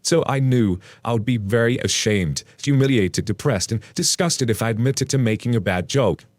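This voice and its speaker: A man reads a story aloud into a close mic, his mid-pitched voice animated and full of playful asides. The sound is dry and close, with no room around it. Between stories he slips into easy, casual commentary for his listeners. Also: normal speed, no echo. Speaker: story narrator.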